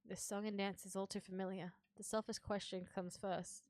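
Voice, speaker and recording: A woman voicing a cool, smug young man from a dating game, speaking low, quiet and dry. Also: level tone, moderate pace, no room sound, natural voice. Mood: dry, teasing. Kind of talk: game dialogue read aloud.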